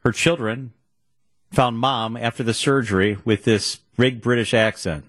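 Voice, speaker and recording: A man's voice: medium pitch, unhurried, fairly bright tone, no echo. A man hosting a radio talk show, chatting casually and reading out facts in between. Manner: conversational, reads out facts. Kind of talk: casual chat.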